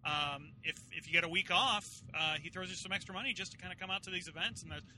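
A man's voice: sits high, fast, bright, forceful tone, a little hiss or hum. A man talking as a comedian guest in a car, teasing his host and laughing often. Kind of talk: casual chat. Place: inside a moving car.

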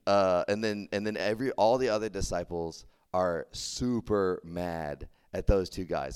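A man's voice: deep voice, unhurried, hardly any pauses, clean tone. A young man from Texas, preaching a casual youth sermon, chatty and full of "like" and restarts. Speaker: campus ministry preacher.

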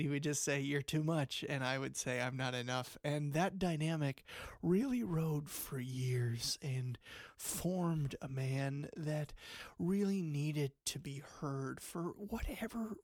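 A man's voice: medium pitch, dry recording, clean studio sound. A man hosting an improvised comedy call-in show, talking in a rambling, earnest way that sometimes drops to near whispers. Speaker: talk show host.

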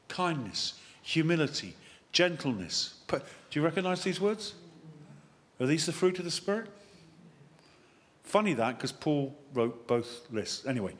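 A man, a vicar, giving a lively sermon that wanders into chatty, self-mocking asides. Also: fairly high pitch, normal speed. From England. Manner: animated, chatty preaching with digressions and self-deprecating asides.

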